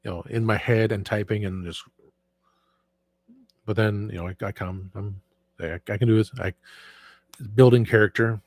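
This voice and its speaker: A man with a sore, hoarse voice hosting a casual livestream and rambling with frequent restarts. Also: on the low side, fairly even intonation, normal speed, pauses often, a little mellow. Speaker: show host.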